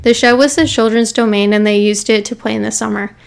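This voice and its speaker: A young woman hosting a podcast, reading a scary story aloud in a steady, measured way and dropping to a whisper at chilling moments. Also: fairly high pitch, creaky.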